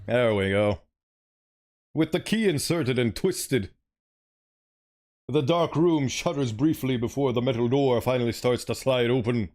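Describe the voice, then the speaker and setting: A man's voice: medium pitch, measured pace, pauses often, a little mellow. A man streaming a story game, reading it aloud and chatting animatedly, sometimes fumbling for words.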